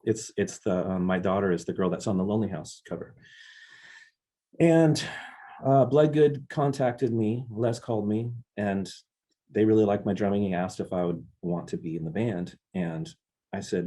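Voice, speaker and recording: A man's voice: on the low side, normal speed, dark tone. A man, a drummer being interviewed, earnestly telling reflective stories about his music career. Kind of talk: casual interview storytelling.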